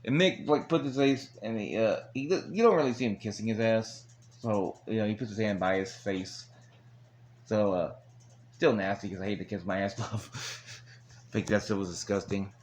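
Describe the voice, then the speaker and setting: A man's voice: lowish voice, moderate pace, slight background noise. A man recapping an old wrestling episode in a rambling, casual way with chuckling asides. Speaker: wrestling show reviewer.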